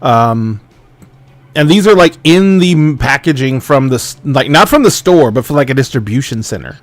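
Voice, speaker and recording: A man narrating as game master, describing a scene with casual, halting wording. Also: medium pitch, animated, dry recording.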